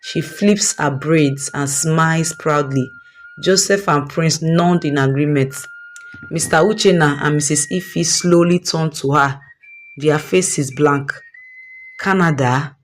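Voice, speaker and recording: A woman narrating a dramatic family story in an expressive, scripted way. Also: sits low, takes it slowly, a little hiss or hum.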